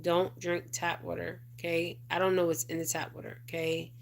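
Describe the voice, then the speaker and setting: A woman's voice: lowish voice, monotone, normal speed, gravelly, a little hiss or hum. A middle-aged woman hosting a casual livestream, reading viewer comments and rambling with lots of "okay?" and "you guys". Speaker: spiritual advisor livestream host.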